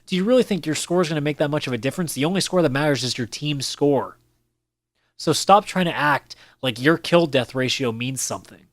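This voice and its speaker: A man's voice: on the high side, fairly bright tone, no room sound. A man hosting a casual solo podcast, talking bluntly with plenty of swearing and sometimes mimicking other players in mocking voices. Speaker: podcast host. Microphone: camera with mic on a desk.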